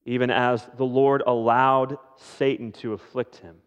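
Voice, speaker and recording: A man preaching a sermon as pastor, speaking in a slow, measured way with dramatic pauses. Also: mid-range voice, steady tone, clean tone. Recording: dull lo-fi sound with long hall reverb.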